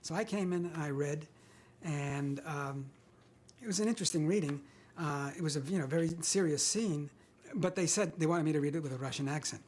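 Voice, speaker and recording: A man's voice: a little high, a little fast, a little mellow. An older man, an actor guest in an interview, telling self-deprecating anecdotes with hesitant restarts.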